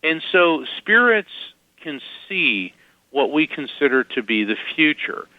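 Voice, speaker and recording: A man's voice: a little high, no echo. Chatty man telling stories, lo-fi sound. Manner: animated anecdotes with quick asides and chuckles. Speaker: guest psychic medium. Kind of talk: casual interview storytelling.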